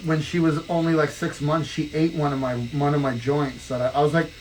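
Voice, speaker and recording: A man's voice: fairly high pitch, flat delivery, brisk, crowd noise. A laid-back man chatting casually and swearing freely. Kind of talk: casual chat. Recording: distant mic with background noise.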